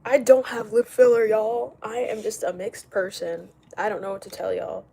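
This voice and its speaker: A young woman live streaming from home, chatting casually, reading out comments and firing back quick retorts with frequent laughs. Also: mid-range voice, steady tone, creaky, warm tone, breathy edge. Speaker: livestreamer. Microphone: camera mic while live streaming.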